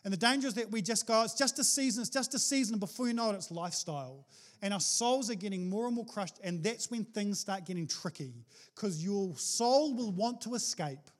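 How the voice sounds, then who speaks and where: A man preaching a sermon as pastor, animated and jokey, with sudden exclamations to the congregation. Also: sits high, fairly quick.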